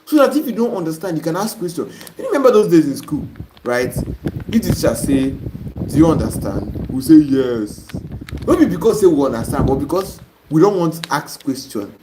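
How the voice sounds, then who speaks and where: A man's voice: on the high side, very animated, fairly quick. A man with a Nigerian accent teaching a live-stream lesson, reading viewer comments and bluntly scolding wrong answers. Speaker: online course teacher. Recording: noisy live-stream audio.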